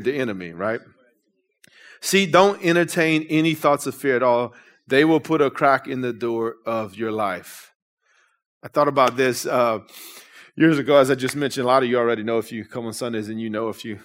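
A middle-aged man preaching in a church, animated and conversational with casual slang. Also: fairly high pitch. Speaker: pastor. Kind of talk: sermon. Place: church sanctuary.

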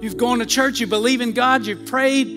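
High-pitched preacher man in a church, fervent and repeating himself, music playing under him. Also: fairly even intonation, normal speed. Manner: fervent, repetitive exhortation, builds to shouting. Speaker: pastor. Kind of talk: sermon with altar call. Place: church sanctuary.

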